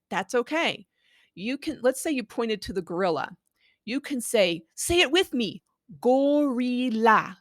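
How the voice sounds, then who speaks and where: A woman educator giving clear, patient instructions on how to read a picture book aloud to a child. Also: on the high side, a bit bright, no echo, clean studio sound. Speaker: Spanish language educator. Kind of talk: instructional talk on reading aloud.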